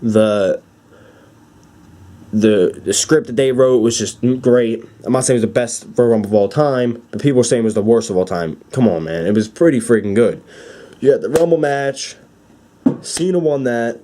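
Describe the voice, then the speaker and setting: A young man giving an excited, rambling fan recap with many fillers and restarts. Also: mid-range voice, moderate pace. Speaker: wrestling fan vlogger.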